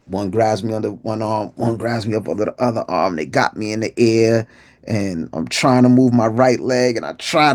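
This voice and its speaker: Male inspirational speaker, middle pitch, vivid storyteller who acts out the voices of people in his story. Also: gravelly. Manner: vivid storyteller, acts out quotes with street slang; drops low and quiet at solemn moments. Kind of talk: personal storytelling talk.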